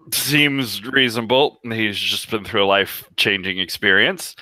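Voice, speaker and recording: A man's voice: lowish voice, sharp tone, no echo. A man voicing a polite, fussy male alien just out of prison, with a courtly, formal manner. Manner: courtly, formal, a bit prim.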